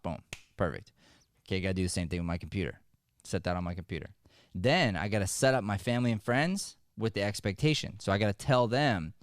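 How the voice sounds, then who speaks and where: A man hosting a podcast as an acting coach, giving motivational advice in an energetic, joking, conversational way. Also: lowish voice, fairly quick, no echo, studio quality.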